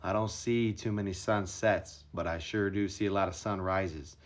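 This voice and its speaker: A man impersonating a cocky middle-aged male celebrity golfer, speaking low and slowly with swagger. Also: steady tone, close to an everyday voice. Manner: low, slow, swaggering delivery.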